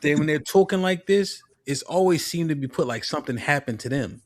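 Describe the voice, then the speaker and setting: A man's voice: fairly high pitch, animated, a little fast. A man on a live panel who asks questions in a casual, conversational way. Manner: casual, questioning, agrees often. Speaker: panelist. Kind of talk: panel discussion on a live stream.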